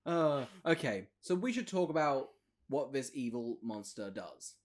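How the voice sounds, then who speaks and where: Male podcast co-host, animated and swoopy, playful rambling storyteller. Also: medium pitch, measured pace. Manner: rambling, playful, lots of laughing. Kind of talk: casual comedic film recap.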